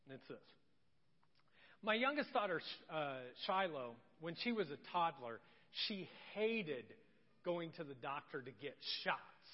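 A male pastor telling a story in a sermon, animated, acting out voices and dropping to hushed tones, recorded in a church. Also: a little high. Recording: echoey church hall, dull lo-fi sound.

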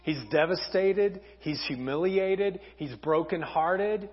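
A male pastor preaching a sermon, telling a story with lively acted voices. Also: high-pitched, slow. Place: church hall. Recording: dull sound, long church reverb.

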